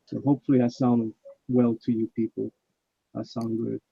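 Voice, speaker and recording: A man's voice: medium pitch, little pitch movement, normal speed, vocal fry, mellow, breathy edge. A man hosts a casual live stream and reads out viewers' chat messages in a chatty way. His mic sounds muffled and dull, with no room echo around the voice.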